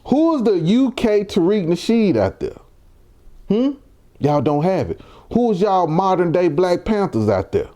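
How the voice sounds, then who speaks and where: A man's voice: high voice, sing-song, measured pace, dark tone. A young man from Mississippi, giving heated, provocative reaction commentary full of rhetorical questions. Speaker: commentary vlogger.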